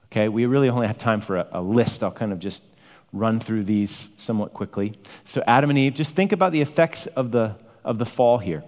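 A man's voice: fairly low pitch, brisk, a little mellow. A man preaching a sermon with emphatic, varied delivery, rising to exclamations. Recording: long hall reverb.

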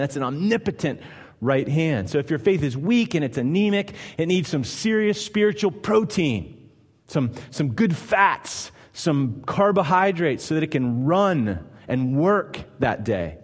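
A man's voice: mid-range voice, expressive, normal speed, in a large hall. A man preaching a sermon in an emphatic style, often asking the listeners rhetorical questions.

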